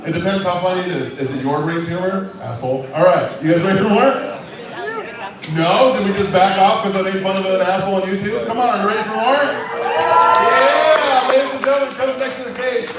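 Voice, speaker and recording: Loud teasing host guy at an open mic, high voice, crowd going off, echoey and far from the mic. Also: quick pace. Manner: brash and teasing, swears at online hecklers.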